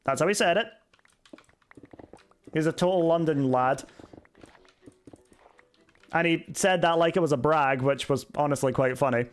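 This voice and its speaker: A young man chats casually while live-streaming a game, answering chat with sarcasm and swearing. His voice is fairly high, and he takes his time, leaving long pauses.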